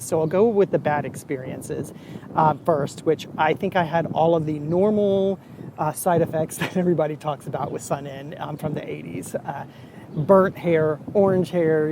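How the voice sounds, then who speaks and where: A man's voice: fairly high pitch, noisy background. A man in his forties chatting casually in a vlog, reviewing a hair product in a rambling, self-deprecating way. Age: 40s.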